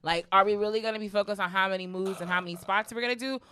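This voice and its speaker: A woman's voice: mid-range voice, very fast, a bit bright, slight background noise. A woman co-hosting a podcast in casual chat, blunt and profane, laughing often. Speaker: podcast co-host.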